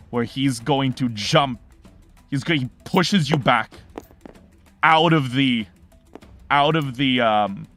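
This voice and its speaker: A man running an online tabletop game as game master, narrating the scene with drama in a mid-pitched voice. He often stops to search for the right word before pushing on. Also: very slow, long pauses, a bit bright, faint music behind.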